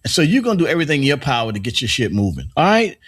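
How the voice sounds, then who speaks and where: Husky animated man ranting. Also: a little high, very fast. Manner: animated, profane, laughing ranting. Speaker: co-host. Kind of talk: casual podcast banter.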